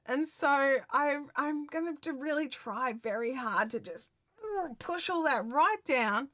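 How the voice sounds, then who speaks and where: A woman talks to her live-stream audience in a loose, excitable way, stopping and restarting her sentences. Her voice sits a little high. The sound is dry and close, with no room echo. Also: unhurried. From Australia. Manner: chatty and excitable, many fillers and restarts. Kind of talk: casual live-stream chat.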